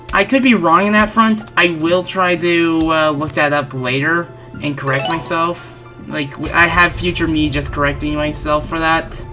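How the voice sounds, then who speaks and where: A woman's voice: sits low, sharp tone. A woman with a stuffy, slightly congested voice giving rambling, self-correcting let's-play commentary on a game as a channel host.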